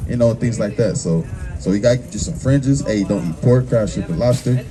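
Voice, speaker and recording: A male street preacher delivers his message in a forceful, confrontational way, repeating words and filling gaps with fillers. A crowd is clearly audible around him. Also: medium pitch, brisk. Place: outdoors on a busy street. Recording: busy street crowd noise.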